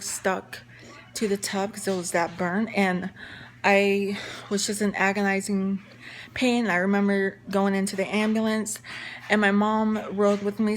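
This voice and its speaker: A young woman tells a story to her viewers in a chatty, rambling way, full of fillers and restarts. Her voice sits at a middle pitch, with a faint hiss behind it. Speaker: vlogger. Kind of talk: casual story time.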